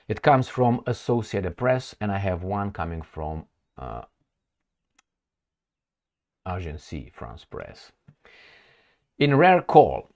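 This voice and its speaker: A man hosting a political commentary channel, talking casually and sardonically with frequent fillers. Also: fairly low pitch. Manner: conversational, sardonic, many fillers.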